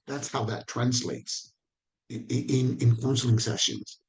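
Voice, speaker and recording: Man, trainer, professional training lecture, conversational, checks in with listeners, repeats words, mid-pitched. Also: level tone, a little slow, creaky.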